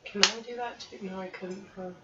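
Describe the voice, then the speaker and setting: A woman playing a tabletop game, excitable and laughing often, swearing freely. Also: medium pitch, fairly quick. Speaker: player. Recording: roomy, distant, noisy lo-fi audio.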